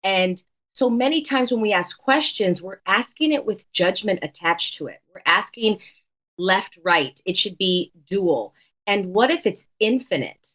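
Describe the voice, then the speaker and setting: A woman's voice: medium pitch, lively intonation, unhurried, a bit bright. A woman guest on a podcast, talking in an earnest, reflective way and repeating words for emphasis. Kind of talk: casual interview conversation.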